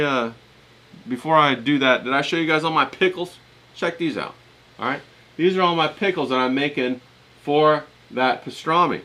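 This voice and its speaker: A man's voice: medium pitch, bright, forceful tone. A man with a self-described hillbilly Southern US accent, hosting a casual livestream and chatting straight to his viewers in a loose, rambling way. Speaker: livestream host.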